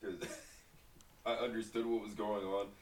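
A young man, a podcast guest, chatting casually and profanely, often quietly. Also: lowish voice, level tone, measured pace, far from the mic, rough recording. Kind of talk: casual chat.

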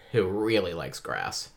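Podcast cohost, man, very deep voice, reflective and easygoing. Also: big pitch swings, slow, creaky. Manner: thoughtful, musing, laughs often. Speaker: podcast co-host. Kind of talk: casual book discussion.

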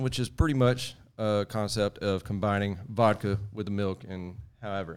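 Man, podcast host, low and smooth, chatty and jokey. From Southeast Texas. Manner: chatty, jokey, explains step by step with fillers. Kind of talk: casual podcast chat, explaining a cocktail.

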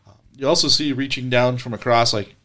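A man running a tabletop game as game master, narrating in a relaxed, conversational way. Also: medium pitch, fairly quick.

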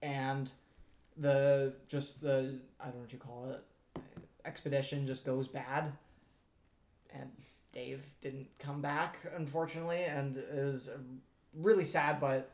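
A young man in a casual podcast chat, his voice mid-pitched and bouncing around a roomy, echoing space. He rambles with plenty of fillers and his sentences trail off softly. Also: little pitch movement, takes it slowly. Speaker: podcast co-host.

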